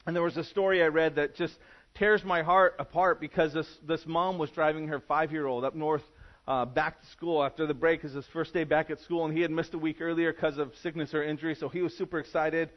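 A man's voice: on the high side, level tone, brisk, highs cut off. A man preaching a sermon as pastor, from California, talking conversationally with frequent restarts and fillers.

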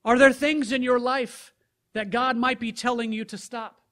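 A man preaching a sermon, reading scripture aloud and then pressing the listeners with rhetorical questions, rising loud and dropping soft. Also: very high voice, fairly even intonation, normal speed. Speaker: pastor.

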